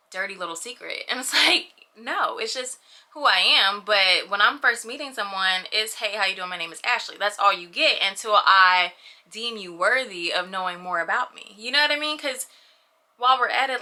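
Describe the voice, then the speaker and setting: A woman's voice: mid-range voice, pushed and bright. A young woman talking casually and animatedly to her camera in a personal vlog, often adding "you know what I mean.". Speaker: vlogger.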